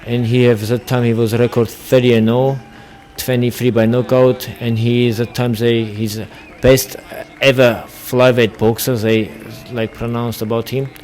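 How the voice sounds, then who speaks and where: A man's voice: mid-range voice, little pitch movement, measured pace, few pauses, darkish tone, soft background music. A man with an Armenian accent, a boxer speaking broken English bluntly and confidently as an interview guest. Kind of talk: casual interview.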